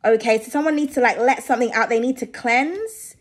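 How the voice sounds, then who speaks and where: A woman's voice: on the high side, a little fast, a little hiss or hum. A woman giving a casual tarot reading to her viewers, chatty and reassuring, often checking in with "okay?". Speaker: tarot reader.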